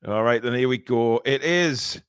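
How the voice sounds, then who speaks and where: A man's voice: medium pitch, normal speed, a bit bright, clear, resonant tone, dry recording. A man hosting a football podcast, reading chat comments with jokes and stammering restarts. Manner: jokey, hesitant, repeats words. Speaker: host.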